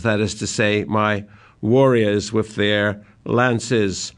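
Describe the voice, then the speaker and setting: An older man giving a literature lecture, speaking slowly and deliberately and reciting verse lines with emphasis. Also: on the low side, steady tone.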